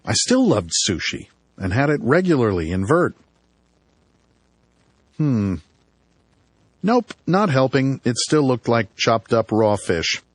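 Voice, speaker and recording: A man's voice: medium pitch, very animated, slow, pauses often, no room sound. A man reading an audiobook in first person, with a dry, wry storytelling manner. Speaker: audiobook narrator.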